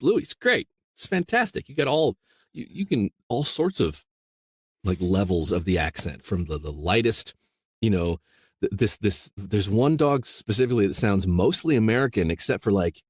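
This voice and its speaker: A man from rural Iowa with a very low voice talks shop as an interview guest. He rambles easily, circling back with "you know" and restarting thoughts. The sound is close and dry. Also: animated, moderate pace, darkish tone, husky, dry recording. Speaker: audiobook narrator, guest. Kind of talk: casual interview chat.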